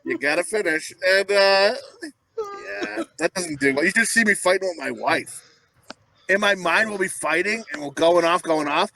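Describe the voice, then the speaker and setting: Animated high-voiced man riffing crude jokes. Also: moderate pace, vocal fry, rough recording. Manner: riffing, jokey, acts out quoted voices. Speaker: podcast co-host. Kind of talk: crude comedic banter.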